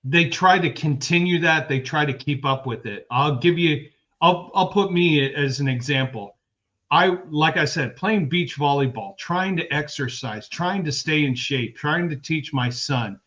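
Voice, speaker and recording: A man's voice: fairly high pitch, a little slow, fairly bright tone, muffled recording. A man in his fifties co-hosting a sports podcast, rambling through personal anecdotes in casual chat. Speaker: podcast co-host.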